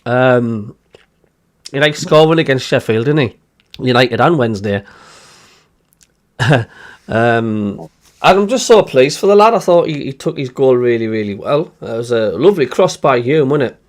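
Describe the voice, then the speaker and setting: Chatty host with a Sunderland accent. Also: male voice, medium pitch, animated, moderate pace, long pauses. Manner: chatty, lots of fillers, reads out live chat messages. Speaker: podcast host reading listener messages. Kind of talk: casual football chat.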